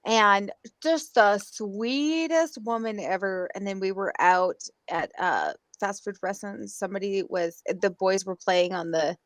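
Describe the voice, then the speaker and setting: A woman's voice: medium pitch, a little slow, few pauses, dry recording. A woman co-hosting a podcast, chatting casually and rambling with restarts. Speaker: podcast co-host. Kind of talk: casual chat.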